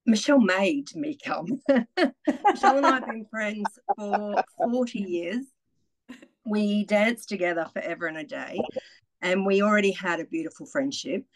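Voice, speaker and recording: A woman's voice: medium pitch, unhurried, a little hiss or hum, rough recording. A middle-aged woman giving a candid, self-mocking spoken testimonial as a retreat participant, laughing often and swearing freely.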